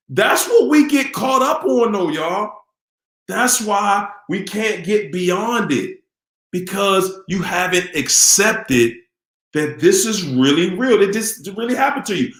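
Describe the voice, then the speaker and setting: Man, live-stream host, animated and preachy, asks the chat questions, slightly high voice, roomy echo. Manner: preachy, animated, repeats himself, asks the audience. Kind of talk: casual live-stream talk to viewers.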